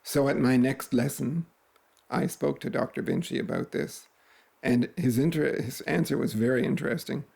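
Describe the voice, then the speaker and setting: A man recalling the past in a documentary interview, reflective and pausing with fillers. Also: medium pitch, creaky, a little mellow, slightly rough. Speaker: interviewee, singer.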